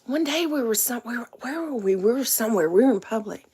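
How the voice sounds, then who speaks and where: A middle-aged woman with a drawl chats on a casual livestream. Her voice sits a touch high. She rambles, laughs often, and speaks in a folksy, confiding way. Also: animated, quick pace, mellow, slightly rough. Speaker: vlogger.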